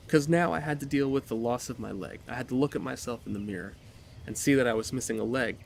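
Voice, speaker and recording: A man giving a motivational talk, telling his personal story in an animated, dramatic way. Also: mid-range voice, slight background noise. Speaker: motivational speaker.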